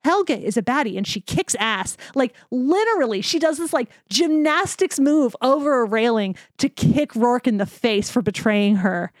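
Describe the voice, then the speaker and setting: A woman co-hosting a podcast, chatting casually and gushing enthusiastically with quick asides. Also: on the high side, animated, no echo, clean studio sound. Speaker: podcast co-host. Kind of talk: casual chat.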